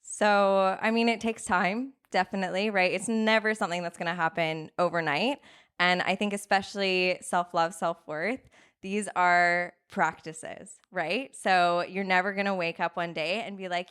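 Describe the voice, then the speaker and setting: A woman's voice: on the low side, normal speed, a bit bright, clean tone. A woman in her thirties, a coach on a podcast, talking earnestly in casual interview style and often checking in with "right?". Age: 30s. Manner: earnest, acts out inner voices, says "right?" a lot. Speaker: guest coach.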